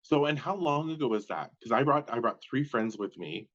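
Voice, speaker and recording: A man's voice: medium pitch, expressive, normal speed, fairly bright tone. A man who is a guest comedian in casual chat, wry and joking. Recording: dull lo-fi sound.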